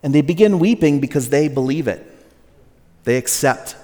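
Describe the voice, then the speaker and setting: A pastor preaching a sermon in a relaxed, conversational way, joking with the congregation and acting out quotes in a higher voice. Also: male voice, normal speed. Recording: long reverb of a large hall.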